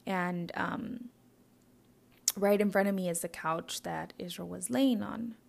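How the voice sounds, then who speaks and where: Halting, gravelly young woman, often whispering. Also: fairly low pitch. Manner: halting, many "like" fillers, slipping into whispers. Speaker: mother recounting a loss. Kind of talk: personal storytelling.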